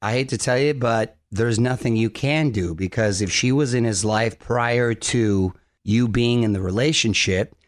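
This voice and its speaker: A man's voice: mid-range voice, a little slow, dry recording. A man hosting a radio show in casual, chatty talk, recorded close on a studio mic. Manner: upbeat, chatty. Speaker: radio host.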